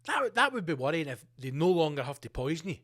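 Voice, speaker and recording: A man's voice: fairly high pitch, big pitch swings, quick pace, a bit bright. A man hosting his own podcast, ranting with plenty of swearing and jumping between tangents. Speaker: podcast host. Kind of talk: solo podcast rant.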